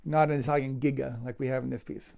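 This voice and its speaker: A cello teacher gives a casual lesson in a gravelly, medium-pitched male voice, talking fast with a steady tone. He sounds thoughtful and hesitant, using fillers and restarting sentences. Loud cello music plays throughout, and the lo-fi audio sounds dull.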